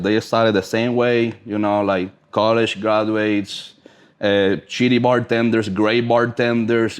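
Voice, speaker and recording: A man speaking English with a non-native accent, chatting bluntly as a podcast guest with plenty of swearing. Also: fairly low pitch. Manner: blunt, profane, emphatic storytelling. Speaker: podcast guest, brand ambassador. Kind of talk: casual podcast chat.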